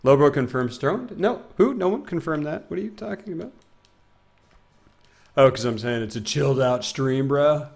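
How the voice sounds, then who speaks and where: A man in his twenties with a gravelly, somewhat high voice rambles through a laid-back gaming stream. He reads chat aloud and drops into goofy sing-song bits, and his pitch swings widely from line to line. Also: lively intonation, a little slow, pauses often. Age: 20s. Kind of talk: casual live-stream chat while gaming.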